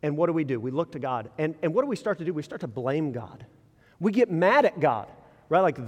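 A man with a fairly high voice preaches in a relaxed, talky way. He keeps asking his listeners questions and doubles back on his words. His voice rings out with a long reverb in a large church hall. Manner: conversational preaching with rhetorical questions and quick restarts. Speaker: pastor. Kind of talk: sermon.

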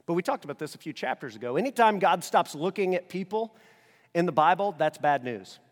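A male pastor preaching a sermon in a conversational, animated way, alternating between loud emphasis and quiet, intense passages. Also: fairly high pitch, brisk, long reverb tail. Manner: casual conversational asides.

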